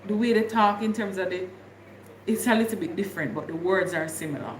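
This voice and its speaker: A woman's voice: medium pitch, a little fast, echoey room, a little hiss or hum. A woman from Jamaica with a Jamaican accent, chatting casually with viewers on her livestream and laughing often. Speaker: livestream host.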